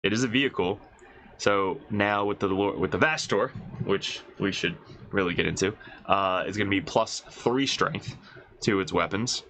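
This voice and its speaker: A man with a congested voice, casually reading out and reacting to game rules as a host, excited and swearing, thinking aloud. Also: low-pitched, normal speed, rough recording. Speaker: wargaming video host reviewing rules.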